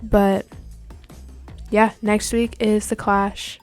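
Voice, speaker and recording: A woman's voice: mid-range voice, drawn-out words, faint music behind. Bubbly young woman podcast host. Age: young adult. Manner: bubbly, easily excited. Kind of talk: casual chat.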